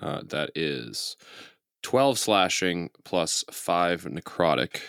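Very deep, gravelly-voiced man playing a tabletop game. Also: takes it slowly, dry recording, studio quality. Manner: relaxed, thinking aloud with many ums. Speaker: player. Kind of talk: casual tabletop game chat.

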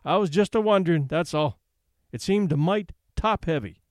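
Male reader doing blunt, drawling backwoods men, slightly lower and slower. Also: lively intonation, a little mellow, no echo, clean studio sound, natural voice. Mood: folksy. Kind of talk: audiobook character voice.

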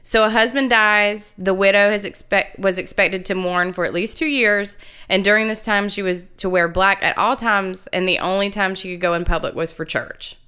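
A woman with a bright, crisp, clean voice reads history notes aloud on a casual chat podcast. She talks easily and slips into giggles between facts. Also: medium pitch, fairly even intonation, normal speed. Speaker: podcast co-host.

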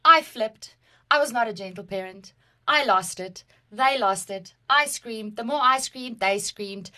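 A woman with a South African accent, co-hosting a podcast and telling a personal story in an animated, dramatic way. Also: fairly high pitch, measured pace. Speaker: podcast co-host. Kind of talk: casual chat, personal storytelling.

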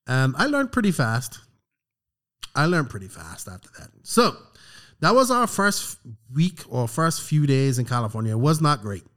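A middle-aged man telling a story on a podcast, animated and profane, acting out the lines of the people in it. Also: medium pitch, moderate pace. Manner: animated, profane, acts out quotes. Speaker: podcast co-host. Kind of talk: casual storytelling chat.

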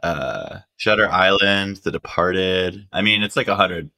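A man casually telling a story, animated, acting out quotes in high voices. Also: measured pace.

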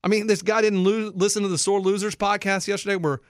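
A man hosting sports talk, animated and incredulous as he explains bets to listeners. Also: high-pitched, quick pace, no echo, clean studio sound. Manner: excitable, incredulous, explains for non-bettors. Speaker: sports radio host.

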